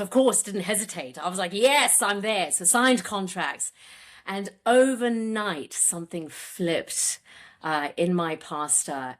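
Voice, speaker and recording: A woman with a mixed accent that carries a Zimbabwean twang, speaking as a podcast guest. Her voice sits fairly low as she tells her own story earnestly, with frequent ums. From grew up in Zimbabwe. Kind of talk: personal story in an interview.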